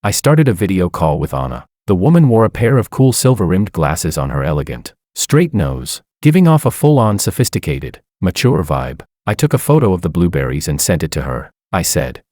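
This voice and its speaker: A young man narrating a first-person story in an even, steady reading. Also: low-pitched, moderate pace, few pauses, dry recording, clean studio sound.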